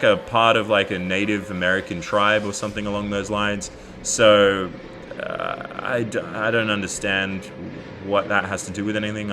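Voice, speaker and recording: A man's voice: fairly low pitch, noisy background. An Australian man telling a story in a casual vlog, bemused as he recounts chat messages. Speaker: YouTuber.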